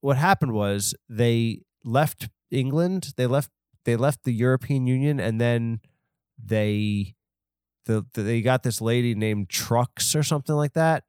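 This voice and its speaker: A man's voice: mid-range voice, a little slow, a little mellow, smooth, no room sound, clean studio sound. A man hosting a podcast, rambling through an off-the-cuff comedic story and mocking himself as he goes. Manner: self-deprecating, rambling, off the cuff. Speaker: podcast host.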